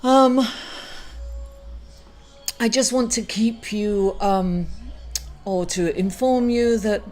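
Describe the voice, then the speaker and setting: Brief: grieving woman astrologer, emotional and halting, many fillers, mid-pitched voice. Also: a little mellow, soft background music. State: grieving, tearful. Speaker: astrology reader. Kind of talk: weekly horoscope video.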